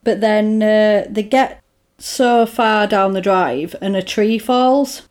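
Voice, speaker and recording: A woman's voice: medium pitch, slow, darkish tone. Chatty woman retelling a film. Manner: chatty retelling with lots of "like" and "basically", acting out characters' lines. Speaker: podcast co-host recapping a film. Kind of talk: casual chat.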